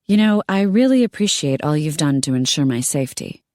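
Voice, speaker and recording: A woman's voice: deep voice, animated, brisk, darkish tone, no echo, studio quality. Woman voicing a young woman, sarcastic, wry, spirited, audiobook heroine.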